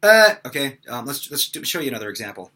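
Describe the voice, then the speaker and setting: A man's voice: mid-range voice, very animated, fast, sharp tone. A young man teaching singing casually, with lots of fillers between his examples. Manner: casual, talks with many fillers between demonstrations. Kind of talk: vocal lesson with sung examples.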